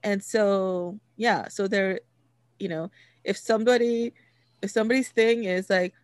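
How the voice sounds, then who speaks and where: A woman's voice: medium pitch, fairly even intonation, a little slow, no room sound, studio quality. Chatty woman telling a story. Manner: chatty, many fillers and restarts, laughs while telling. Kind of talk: casual storytelling chat.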